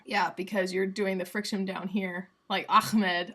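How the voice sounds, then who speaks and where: Sounding out examples in a chatty, playful livestream on phonetics, a young Southern US woman keeps a level, medium-pitched voice. Her delivery is measured and a bit bright.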